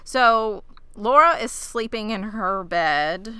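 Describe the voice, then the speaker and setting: A woman's voice: medium pitch, expressive, slow pace, pushed and bright, clean tone, no room sound. A woman co-hosting a casual podcast, recapping a TV episode with blunt jokes. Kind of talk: casual chat.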